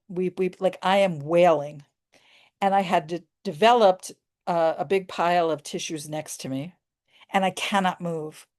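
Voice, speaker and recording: Middle-aged american woman, lowish voice, earnest heartfelt storytelling. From United States. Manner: earnest and emotional, many restarts. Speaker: host telling her personal story. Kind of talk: personal storytelling, casual.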